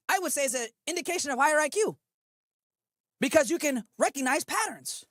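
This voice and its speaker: A woman's voice: high voice, no room sound, clean studio sound. A woman in a played clip ranting in a scornful, sarcastic tone, mocking her targets. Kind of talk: mocking rant.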